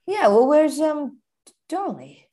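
Woman, improv comedy, high voice, slow, deadpan. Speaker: improv performer.

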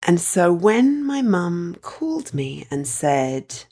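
A woman's voice: fairly low pitch, sing-song, takes it slowly, hardly any pauses, mellow. A woman telling a personal family story in a candid, wry, conversational way.

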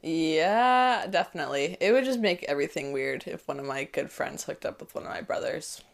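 A woman in her twenties telling a personal story as a podcast guest, chatty and animated, full of fillers. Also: deep voice, normal speed, gravelly. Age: 20s. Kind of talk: casual storytelling.

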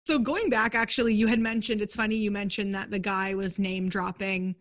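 A woman hosting a podcast asks her guest a long, thoughtful question at a medium pitch. Her phrasing winds around as she builds up to it. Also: steady tone, a little fast. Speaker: podcast host. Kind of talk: interview question.

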